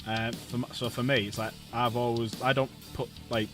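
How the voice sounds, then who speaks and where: A man's voice: medium pitch, level tone, moderate pace, over music. A man hosting a casual live stream, chatty and jokey, often repeating himself. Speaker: streamer host.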